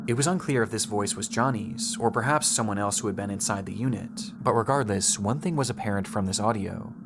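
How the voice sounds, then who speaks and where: A man reading a scripted true-crime documentary narration in a measured, suspenseful way. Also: on the low side, background noise.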